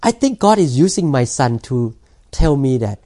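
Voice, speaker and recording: A man preaching as a pastor, earnest and halting, often restarting and repeating words. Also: medium pitch, very animated, dark tone. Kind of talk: sermon.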